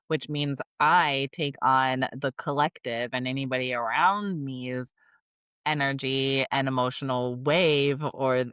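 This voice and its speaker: A woman's voice: a bass voice, fairly bright tone, clean tone, no echo. A woman co-hosting a podcast in casual chat, talking loosely with lots of "like". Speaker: podcast co-host.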